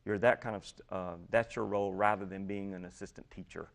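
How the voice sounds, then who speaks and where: A man explaining his ministry program as a guest in a talk show interview, earnest and steady, often repeating key phrases. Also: low-pitched, a little fast, creaky.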